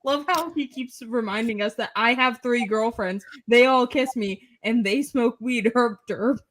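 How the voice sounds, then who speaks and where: A woman's voice: fairly high pitch, unhurried. A woman co-hosting a casual podcast, giving teasing, mocking commentary. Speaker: podcast co-host. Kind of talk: casual chat.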